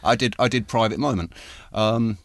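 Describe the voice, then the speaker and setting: A man's voice: lowish voice, normal speed, no room sound. A man, an actor co-hosting a podcast, chatting casually and repeating words as he searches for them. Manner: stammers, repeats words often. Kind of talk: casual chat.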